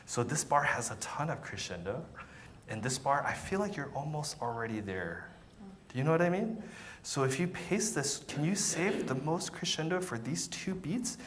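A man's voice: a little high, expressive, moderate pace, a bit bright. A man teaching a violin masterclass, encouraging and patient, often repeating words and counting beats aloud. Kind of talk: masterclass coaching.

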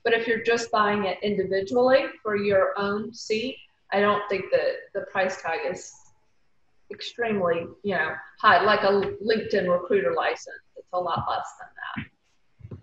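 A woman's voice: medium pitch, moderate pace. A woman with a Southern accent on a video call, casually explaining things to a panel in a chatty way with many fillers. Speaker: recruiter on a panel. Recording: muffled echoey video call audio.

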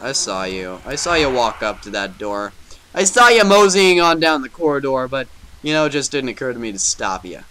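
A man giving jokey let's-play commentary on a horror game, talking back to the game and swinging between loud bravado and muttering. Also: medium pitch, big pitch swings, moderate pace, crowd noise. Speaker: gaming video host.

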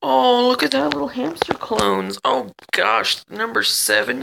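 A man giving let's play commentary as a channel host, excitable, chattering at the other players and yelping when chased. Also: very high voice, unhurried, gravelly, hardly any pauses, slight background noise, poor audio.

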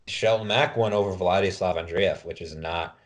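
Male podcast co-host, very deep voice, loose joking banter. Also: moderate pace, slight background noise. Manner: loose, joking banter, rattles off wrestler names. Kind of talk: casual podcast chat.

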